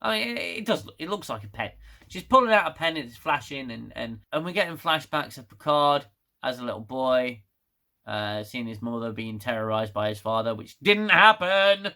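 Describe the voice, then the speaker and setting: A man's voice: mid-range voice, sing-song, normal speed. A man reviewing a TV episode in a casual, sarcastic, exasperated rant. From United Kingdom. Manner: sarcastic, exasperated, laughs loudly. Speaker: TV show reviewer.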